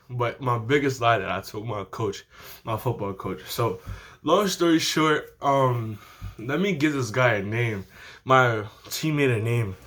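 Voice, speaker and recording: Teen dude rambling a story time, lots of "yo" and "bro", mid-pitched voice, laughs a lot. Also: male voice. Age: teens. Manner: animated, slangy, laughs often. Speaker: vlogger.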